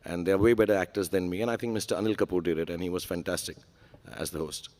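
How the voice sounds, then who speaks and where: A man's voice: sits low, steady tone, fast, darkish tone. A man, a guest speaking candidly on a large conference stage, earnest and self-deprecating with frequent fillers. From India.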